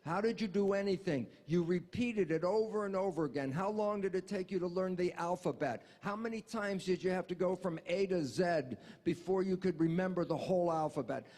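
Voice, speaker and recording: A man being interviewed, explaining ideas in an animated way and acting out little dialogues. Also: sits high, brisk, few pauses. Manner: animated, acts out dialogues in quotes. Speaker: interview guest.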